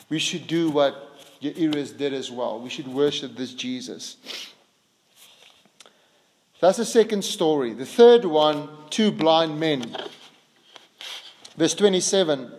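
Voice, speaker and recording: High-voiced preacher in a reverberant hall. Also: male voice. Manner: earnest, rises in pitch and volume for quoted pleas. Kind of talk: sermon.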